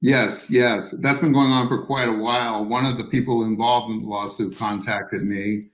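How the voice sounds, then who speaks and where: A man's voice: mid-range voice, steady tone, normal speed, reverberant, low-quality recording. A man, an author being interviewed, who talks hesitantly with many fillers and restarts. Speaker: author guest. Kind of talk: interview over video call.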